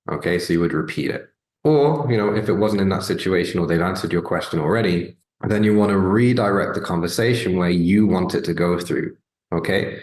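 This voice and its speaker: Man, sales coach, very low voice, conversational, keeps asking "right?", reverberant room. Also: a little fast. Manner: conversational, repeated "right?" and "okay?" check-ins. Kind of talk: business training talk.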